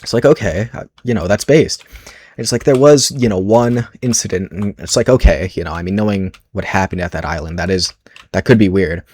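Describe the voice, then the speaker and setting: A man delivering a rambling, deadpan, ironic comedy monologue packed with internet slang and constant fillers. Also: deep voice, brisk, breathy edge. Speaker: comedy video creator.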